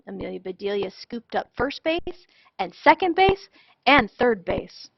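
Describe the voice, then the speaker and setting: A woman reading a children's storybook aloud in an expressive, animated way. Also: fairly high pitch, measured pace, creaky, no room sound. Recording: dull lo-fi dry sound.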